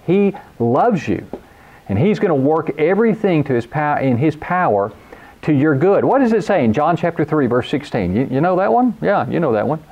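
A man's voice: mid-range voice, dull audio. A man preaching a sermon, speaking earnestly and driving points home with repeated phrases. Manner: earnest preaching, quotes scripture, emphatic repetition. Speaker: pastor.

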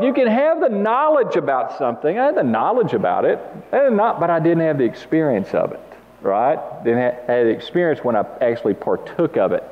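A man preaching a sermon, telling stories with lively emphasis and asking the congregation to repeat after him. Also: fairly high pitch. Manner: animated storytelling, laughs, calls for audience response. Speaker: pastor. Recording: muffled sound with long hall reverb.

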